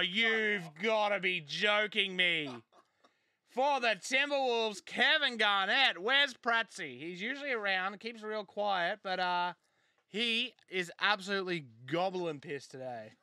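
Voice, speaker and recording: A man hosting a live trading card break, excitably calling out each card and joking with a co-host. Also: sits high, smooth, no echo. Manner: excitable, banters and jokes while calling out pulled cards. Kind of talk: live case break commentary.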